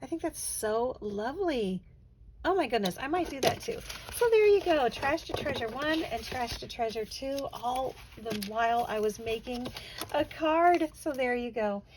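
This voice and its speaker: A woman's voice: on the high side, animated, a little hiss or hum, rough recording. A woman hosting her own craft video, talking casually and gushing over her handmade cards. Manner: gushing, effusive, quick to laugh. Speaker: craft channel host. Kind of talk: casual craft show-and-tell.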